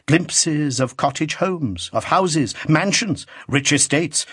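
A man's voice: on the high side, animated, slow pace, hardly any pauses, a bit bright, husky, no echo. A man reading a classic novel aloud as an audiobook, in a rhythmic, dramatic, building style. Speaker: audiobook narrator. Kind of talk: scripted narration.

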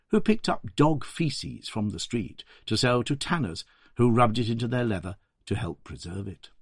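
Lively male documentary narrator. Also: mid-range voice, husky, no echo, clean studio sound.

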